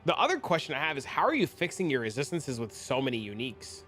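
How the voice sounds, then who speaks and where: Bright-voiced male game streamer. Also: medium pitch, very animated, fast, faint music behind. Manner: thinking out loud, rambling. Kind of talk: casual gameplay commentary.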